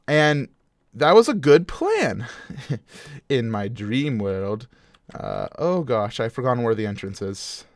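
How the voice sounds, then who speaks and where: A man's voice: fairly low pitch, vocal fry, dry recording. A young man hosting a gaming show, casually telling a strange dream while he plays, laughing and full of fillers. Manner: animated, laughing storyteller with frequent fillers. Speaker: gaming video host. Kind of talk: casual storytelling while playing a game.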